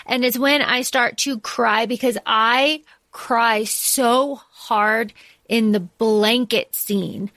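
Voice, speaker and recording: Podcast lady gushing about a movie, lots of ums and restarts, kinda high voice. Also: steady tone, slow, fairly bright tone, no echo. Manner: emotional, gushing, many fillers and restarts. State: tearing up. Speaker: podcast co-host. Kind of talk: casual movie discussion.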